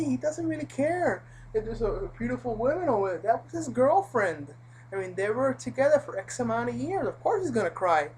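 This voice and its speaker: A woman's voice: on the high side, big pitch swings, fairly quick, darkish tone, a little hiss or hum, poor audio. A woman telling a personal story in a casual, rambling vlog, full of fillers and asides. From Puerto Rico. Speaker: vlogger.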